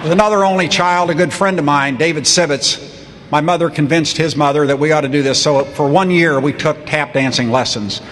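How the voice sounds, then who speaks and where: A man in his sixties giving a humorous commencement speech, telling stories with a wry, deadpan manner, recorded in a large ceremony hall. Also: on the high side, a little fast, a little hiss or hum. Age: 60s. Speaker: commencement speaker. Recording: long hall reverb, faint crowd ambience.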